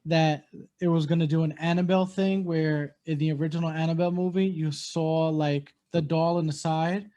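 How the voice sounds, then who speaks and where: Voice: medium pitch, normal speed, highs cut off. Joking movie review co-host. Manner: joking and animated, acts out lines from scenes. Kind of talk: casual chat.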